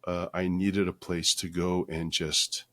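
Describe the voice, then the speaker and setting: Deep-voiced man speaking earnestly in a dry recording. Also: level tone, fairly bright tone, no echo. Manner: measured and earnest, with frequent pauses and fillers. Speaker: podcast guest. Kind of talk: reflective interview conversation.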